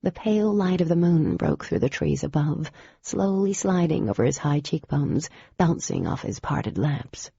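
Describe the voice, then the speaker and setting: A woman narrating a first-person audiobook in a measured, intimate storytelling way. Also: low voice, big pitch swings, creaky, warm tone, slightly rough, dry recording, muffled recording.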